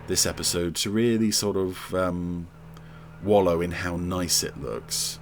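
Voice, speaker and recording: Lively low-voiced male podcast host. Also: normal speed, slight background noise. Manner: chatty and wry, with fond asides. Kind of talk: watch-along episode commentary.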